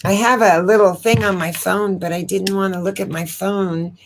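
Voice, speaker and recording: A woman's voice: medium pitch, steady tone, normal speed, a little hiss or hum. A woman hosting a casual live stream, talking in a rambling, emotional way and repeating words as she goes. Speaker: astrology channel host.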